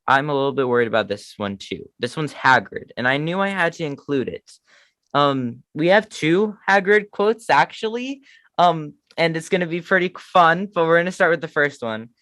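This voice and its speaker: With a slightly high, expressive voice that's a bit bright, this fan podcast co-host talks eagerly at a moderate pace in casual chat, making fun of his own attempts. The sound is close and dry, with no echo or room around it.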